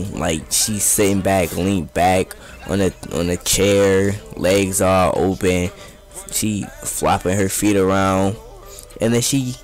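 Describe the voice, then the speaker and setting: Young guy with a lowish voice rambling through a story, lots of cussing and slang, quiet music behind. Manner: profane, rambling, streetwise slang. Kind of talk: casual storytime over gameplay.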